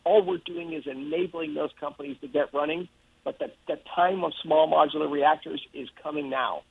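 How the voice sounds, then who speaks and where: A man's voice: a little high, steady tone, moderate pace, vocal fry, husky. A man interviewed as a guest over the phone, speaking in a confident, upbeat, emphatic way. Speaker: guest government official. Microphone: telephone. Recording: tinny phone line.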